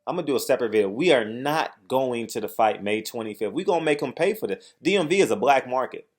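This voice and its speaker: A man's voice: mid-range voice, lively intonation, fast talker. Agitated man ranting emphatically. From United States. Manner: agitated, emphatic, repeats phrases for stress. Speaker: boxing commentator, channel host. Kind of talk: heated commentary vlog.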